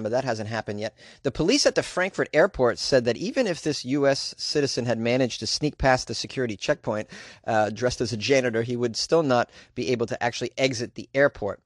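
A man's voice: mid-range voice, no echo, studio quality. A man hosting his own podcast, chatting casually with sarcastic asides and plenty of fillers. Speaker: podcast host. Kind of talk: casual solo podcast chat.

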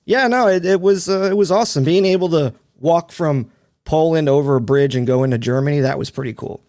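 A man chatting casually on a podcast, speaking haltingly with many fillers and restarts. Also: fairly high pitch, darkish tone, no echo, studio quality. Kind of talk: casual chat.

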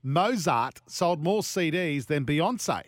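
A man's voice: a little high, animated, slow pace, dry recording. A man hosting a sports radio show, bantering jokily and laughing often. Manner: jokey, laughs often, plays up fun facts. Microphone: studio mic.

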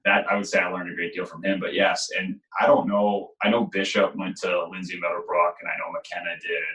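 A man with a very low voice talks in a loose, rambling way, full of "like" and "you know". His tone is bright and forceful despite the depth. The sound bounces around a roomy space. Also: a little fast. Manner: relaxed storytelling with many fillers. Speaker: goalie coach. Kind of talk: casual conversation. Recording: echoey room.

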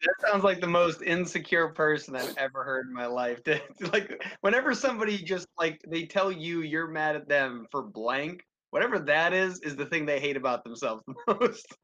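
A man in casual podcast chat who laughs often and chimes in with quick opinions. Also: a little high, expressive, bright, forceful tone. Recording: dull lo-fi audio.

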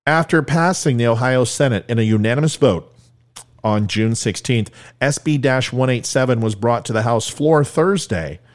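A man hosting his own podcast, talking solo in a joking, sarcastic way with quick asides. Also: medium pitch. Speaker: podcast host. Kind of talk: solo comedic podcast monologue.

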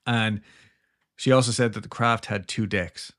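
A man's voice: lowish voice, fairly even intonation, unhurried, a bit bright. A man co-hosting a podcast, casually retelling a story with jokes and laughter. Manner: joking, laid-back, trails into laughs. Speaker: podcast co-host.

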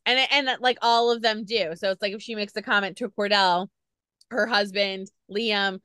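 A woman's voice: mid-range voice, fairly even intonation, pushed and bright, smooth, dry recording. Woman interviewer, casual and chatty, dry close-mic sound. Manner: chatty, quick questions full of "like".

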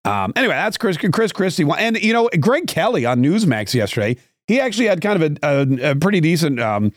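A man's voice: a little high, very animated, fairly quick, dry recording, clean studio sound. A man hosting a political podcast, giving sarcastic, rambling opinion commentary with frequent restarts.

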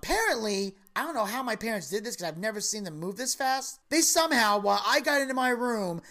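A woman in her thirties chatting on a podcast, telling stories in an animated, profane way with sudden high, loud outbursts. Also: quick pace. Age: 30s. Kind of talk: casual chat, storytelling.

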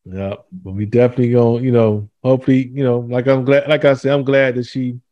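A man's voice: medium pitch, quick pace, dry recording, dull audio. Laid-back man hosting a chat. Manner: loose storytelling with animated quoted voices. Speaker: podcast host. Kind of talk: casual chat.

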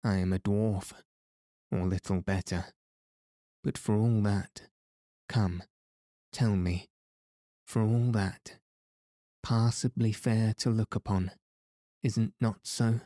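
A man's voice: lowish voice, steady tone, takes it slowly, long pauses, dark tone, no echo, clean studio sound. A man reading the part of a small, bold young noblewoman who teases and coaxes in old-fashioned speech. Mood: teasing. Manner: playful, coaxing.

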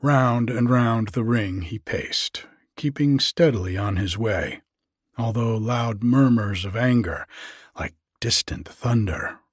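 Brief: male storybook narrator, very breathy, low, dry close recording. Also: no room sound. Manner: slow, measured, old-fashioned phrasing. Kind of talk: storybook reading.

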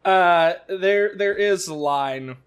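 Male co-host, higher-pitched, eager fan energy, casual podcast talk. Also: slow pace, clean tone. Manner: excitable, gushing fan reactions.

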